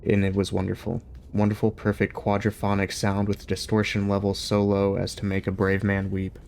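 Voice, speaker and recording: A young man reads a novel aloud on his livestream, then drifts into easygoing chatter with his viewers. His voice sits fairly low and relaxed, and he laughs easily. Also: moderate pace, gravelly, slight background noise. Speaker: streamer reading a book aloud. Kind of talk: casual reading aloud on a livestream.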